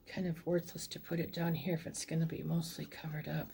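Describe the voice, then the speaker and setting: A woman hosting a crafting video, talking casually and a bit self-deprecatingly as she works, often trailing off into soft near-whispers. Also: low-pitched, flat delivery, brisk, vocal fry, hardly any pauses, slight background noise. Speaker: crafting channel host. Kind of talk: casual crafting talk-through.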